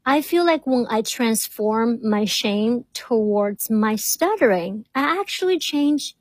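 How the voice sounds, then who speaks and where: A woman speaks in an earnest, reflective way, stuttering by repeating whole words and restarting. Her voice is fairly high, and her pace is slow and measured. The recording is dry and close. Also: animated, dry recording, rough recording. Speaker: doctoral student guest. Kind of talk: reflective interview talk.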